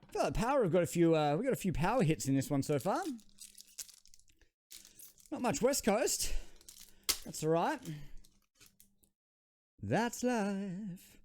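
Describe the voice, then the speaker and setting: A man's voice: high-pitched, big pitch swings, measured pace, long pauses, darkish tone, a little hiss or hum. A man with an Australian accent hosting a trading card channel, giving rambling, self-deprecating unboxing commentary.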